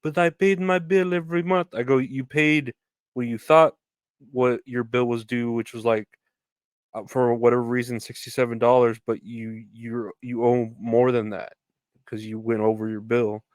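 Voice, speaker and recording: A young man hosts a podcast on his own, rambling through stories casually with swearing and laughter. His medium-pitched voice is clear and resonant, with little pitch movement and a moderate pace, captured in a dry, studio-quality recording.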